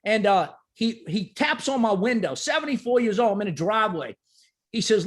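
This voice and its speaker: A man working as an insurance agent recounts an emotional client story with emphasis and animation, repeatedly checking in with "right?". His voice is high-pitched and his pace moderate.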